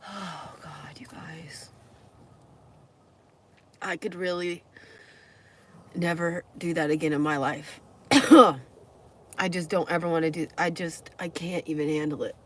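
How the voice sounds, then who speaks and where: A woman's voice: lowish voice, measured pace, pauses often, a little hiss or hum. A young woman from California, chatting and rambling in a casual travel vlog from the car she lives in, often laughing. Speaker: vlogger.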